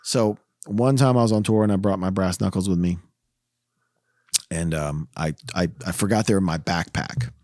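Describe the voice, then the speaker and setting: A man with a fairly low voice, chatting casually as a podcast host. He tells long stories, laughs a lot and quotes others without changing his voice. The sound is dry and close. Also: moderate pace, darkish tone, no echo. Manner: storytelling, laughs often, quotes people in his own voice. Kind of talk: casual chat.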